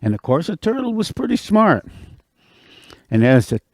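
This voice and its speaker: A man telling a folktale aloud to an audience at a senior center, with animated, expressive delivery. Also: sits high, normal speed, no echo, studio quality. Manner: animated, expressive, repeats for effect. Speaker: storyteller. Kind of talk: oral folktale storytelling.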